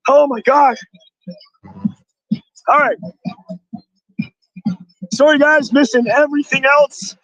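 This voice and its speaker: A man live-streaming outdoors at a rally, excitably shouting thanks to donors with a strained voice. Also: very high-pitched, slow, pauses often, no room sound, soft background music, low-quality recording. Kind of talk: excited live-stream chatter reading donations.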